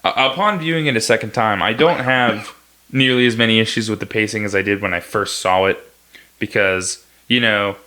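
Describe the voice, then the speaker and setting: A young man co-hosting a casual movie review podcast, wry and joking with quick asides. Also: on the low side, sharp tone. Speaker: podcast co-host.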